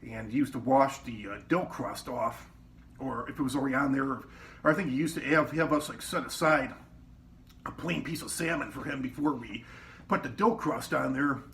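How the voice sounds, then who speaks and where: A man's voice: mid-range voice, moderate pace, fairly bright tone. A man telling rambling, profane stories about his old kitchen job in a casual way. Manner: rambling, quotes people in raised voices, swears often. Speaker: former cook telling work stories. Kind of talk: casual storytelling. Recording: distant mic with faint background noise.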